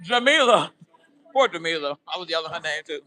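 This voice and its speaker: A man's voice: fairly high pitch, expressive, brisk, sharp tone. A man chatting casually to viewers on a live stream at a graduation event, upbeat and talkative. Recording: noisy crowd around the phone.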